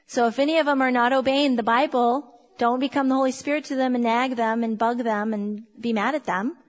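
A woman's voice: fairly high pitch, fairly even intonation, a little fast. Emphatic woman in her fifties teaching. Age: 50s. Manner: emphatic, conversational, asks the audience questions. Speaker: Bible teacher. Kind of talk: sermon teaching.

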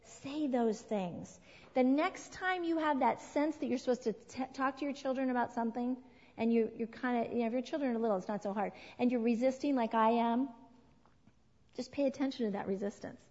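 A woman's voice: a little high, a little mellow. Earnest woman preaching in a reverberant hall. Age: 40s. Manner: earnest, emphatic, slows down to stress key words. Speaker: women's ministry speaker. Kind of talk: sermon to a women's group. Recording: dull sound with long hall reverb.

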